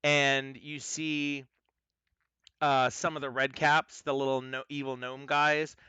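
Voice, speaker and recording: A man's voice: mid-range voice, flat delivery, slow pace, bright, forceful tone, clean tone, no echo. A man narrating as game master, hesitant with many fillers and restarts. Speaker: dungeon master.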